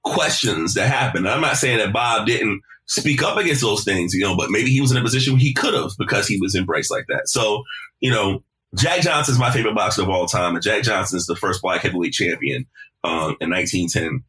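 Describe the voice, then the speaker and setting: Animated, bright-voiced podcast guest man. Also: fairly low pitch, a little fast. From South Carolina. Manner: animated, profane, repeats words when starting sentences. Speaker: podcast guest, deejay and emcee. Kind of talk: casual conversational storytelling.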